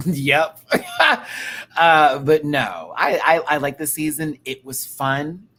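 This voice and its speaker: A man's voice: a little high, big pitch swings, slow, bright, forceful tone, breathy edge, poor audio. A man hosting a casual pop-culture chat show, talking in a sassy, rambling, profane way. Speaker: podcast host.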